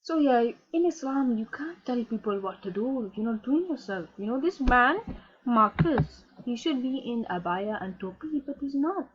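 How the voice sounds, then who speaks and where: A woman's voice: a little high, expressive, moderate pace, lightly acted. Woman putting on a preachy Somali-accented lady. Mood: disapproving. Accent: put-on Somali accent. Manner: preachy, scandalized, broken English. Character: pious preachy Somali immigrant woman gamer. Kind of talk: in-character troll gameplay commentary. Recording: dull lo-fi recording.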